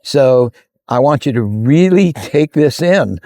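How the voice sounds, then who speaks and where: A man telling a motivational story in a folksy, animated way, acting out the characters' dialogue. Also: medium pitch, takes it slowly, no echo, clean studio sound. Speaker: motivational speaker. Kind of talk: storytelling talk to camera.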